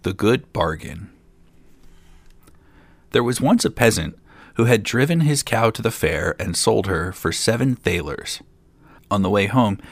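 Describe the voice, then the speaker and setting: A man's voice: fairly low pitch, no room sound. A man hosting a storytelling show, reading an old fairy tale aloud with dry, joking asides. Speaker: storyteller host.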